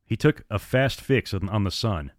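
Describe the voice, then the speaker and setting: A man narrating an audiobook with steady, dramatic storytelling. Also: fairly low pitch, normal speed, no room sound, studio quality.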